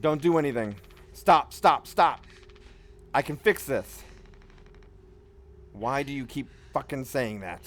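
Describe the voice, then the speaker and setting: A man voicing a panicked, furious young man in a game, shouting in a high, strained voice. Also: unhurried, lightly acted. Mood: frantic.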